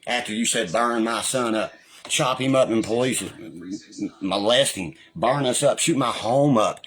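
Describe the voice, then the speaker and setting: A man's voice: on the low side, animated, moderate pace, heavy background noise. A man ranting angrily on a livestream, swearing constantly and taunting his critics. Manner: profane, combative, taunting. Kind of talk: angry livestream rant.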